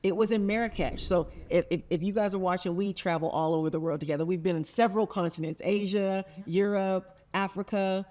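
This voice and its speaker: A woman's voice: on the low side, steady tone, a little fast, few pauses, a little mellow. A middle-aged woman hosting a heartfelt sit-down conversation, telling a story earnestly and laughing often. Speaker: podcast host.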